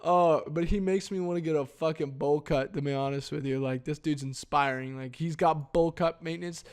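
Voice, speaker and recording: A man's voice: fairly high pitch, steady tone, moderate pace, clear, resonant tone. A man hosting a casual solo podcast, ranting crudely and dismissively with constant swearing, leaning over a desk microphone. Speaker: podcast host. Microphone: desk microphone he leans over.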